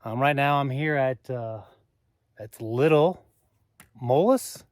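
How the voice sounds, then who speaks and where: A man with a Southern US accent talking casually to camera on a mountain trail, chatty and halting with fillers, sometimes out of breath. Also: mid-range voice, smooth, no echo. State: out of breath on climbs. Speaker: hiker vlogger.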